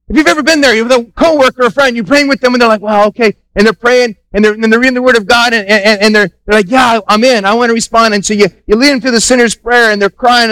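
A man pastor preaching a Sunday sermon, animated, acting out little dialogues and repeating himself for emphasis. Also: sits high, dry recording, low-quality recording. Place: church sanctuary.

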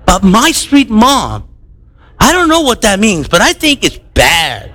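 A man's voice: sits high, wildly swooping pitch, unhurried, heavy background noise. A middle-aged man from the United States preaching a sermon, acting out the voices of people in his stories. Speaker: pastor.

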